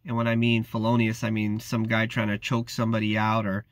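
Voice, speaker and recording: A man's voice: on the low side, completely flat delivery, brisk, no room sound. A man who works as a security guard, talking casually in a laid-back, slangy way and often saying "man". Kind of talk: casual vlog talk.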